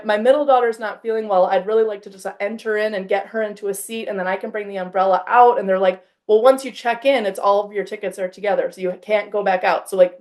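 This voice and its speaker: Animated woman host telling a story. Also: medium pitch. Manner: animated storyteller, acts out quoted exchanges, frequent "like". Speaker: podcast host. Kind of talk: casual conversation.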